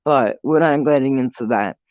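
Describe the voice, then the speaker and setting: A vlogger telling a story in a casual, animated way, laughing often and swearing freely. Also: mid-range voice, moderate pace, no room sound. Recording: dull, slightly lo-fi dry audio.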